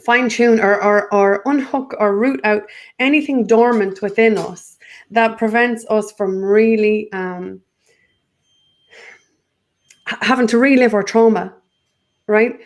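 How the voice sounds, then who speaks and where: A woman's voice: mid-range voice, fairly even intonation, slow, pauses often. A woman, a guest in a spiritual conversation, talking in an earnest, rambling way with many restarts.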